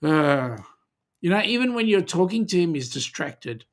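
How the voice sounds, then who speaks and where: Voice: medium pitch, big pitch swings, normal speed. A host chatting casually on a livestream, reading out viewer comments and teasing them. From Australia.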